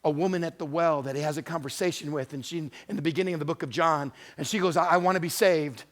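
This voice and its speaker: A male pastor delivering a sermon, retelling scripture stories with acted-out voices, moving between hushed, intimate moments and loud, emphatic ones. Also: a little high, fast. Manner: dramatic storytelling, acting out voices of scripture figures.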